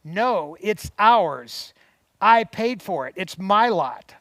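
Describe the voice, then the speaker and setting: A man reading aloud and voicing a middle-aged actress confronting her husband in sharp, accusing tones. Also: high voice, expressive, moderate pace, dry recording, clean studio sound. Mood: indignant.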